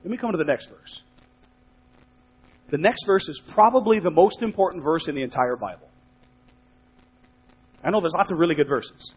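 A man preaching a sermon in a conversational way, acting out quick spoken asides. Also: high-pitched. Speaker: pastor. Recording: dull sound with long hall reverb.

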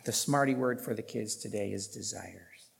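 A man's voice: lowish voice, a little slow, vocal fry, big-room sound. A man preaching a sermon as a pastor, emphatic, with rhetorical questions and bursts of force on key points.

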